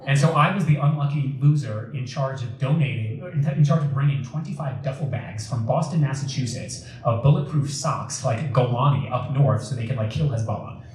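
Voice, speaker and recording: A man's voice: medium pitch, warm tone. A young man giving a casual, joking storytelling talk to an audience, with plenty of fillers, speaking at a community event. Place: community center hall. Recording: echoey room, mic far off, faint noise.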